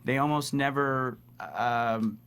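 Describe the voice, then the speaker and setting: A man, a casting director, chatting as a guest in a talk show studio, animated and joking, often restarting with fillers. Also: mid-range voice, slow, smooth. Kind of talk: casual interview chat.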